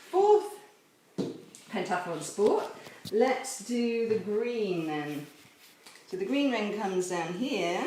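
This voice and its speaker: Her voice is medium in pitch with a darkish tone. As a chapel children's assembly leader, she cheerfully and playfully takes kids through a lesson step by step in a home video filmed inside and on a garden course. The camera is held by a helper a fair distance away, giving an echoey sound and faint noise.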